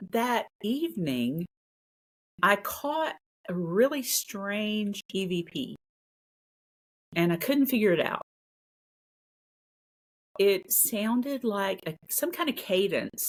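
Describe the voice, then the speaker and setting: A woman working as a paranormal investigator tells a story in an earnest, casual way, repeating phrases for emphasis. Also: on the low side.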